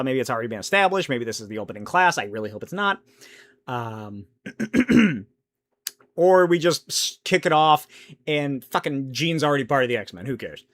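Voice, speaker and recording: A man's voice: fairly high pitch, fairly bright tone. A young man hosting a casual solo podcast, thinking aloud, rambling and swearing casually as he answers chat questions. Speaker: podcast host.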